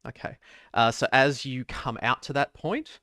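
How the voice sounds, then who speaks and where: A man as game master, narrating a tabletop game in a measured, descriptive way. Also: mid-range voice, bright, forceful tone, no echo, studio quality.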